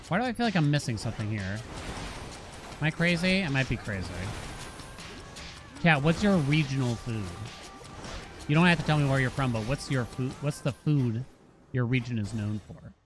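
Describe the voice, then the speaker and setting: A man with a Boston accent rambles and jokes with his viewers while he plays, cursing freely. His voice sits mid-range, and game music plays clearly behind him. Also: medium pitch, lively intonation, moderate pace, pauses often. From Massachusetts. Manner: joking, rambling, swears freely. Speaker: streamer. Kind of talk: casual gameplay chat with viewers.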